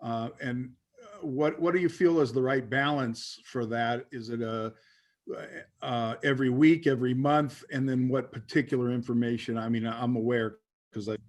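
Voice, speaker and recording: A man moderating a webinar, giving short replies and asking questions haltingly. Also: mid-range voice, steady tone. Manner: brief affirmations, halting questions.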